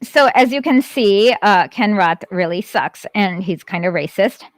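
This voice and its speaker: A woman's voice: mid-range voice, lively intonation, a little slow, no echo. A woman doing an impromptu livestream commentary, talking hesitantly with lots of fillers and frequent giggles. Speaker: streamer. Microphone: phone streaming app.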